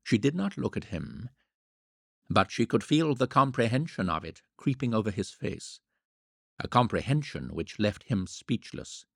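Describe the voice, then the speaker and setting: A man reading a novel aloud in a wry, measured storytelling manner. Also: fairly low pitch, sing-song, creaky, fairly bright tone, breathy edge, no room sound, clean studio sound. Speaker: audiobook narrator. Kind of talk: scripted narration.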